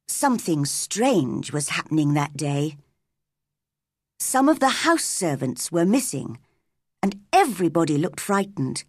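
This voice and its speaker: A woman narrating a story slowly and clearly for English learners. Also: medium pitch, dry recording, studio quality. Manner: clear, deliberate.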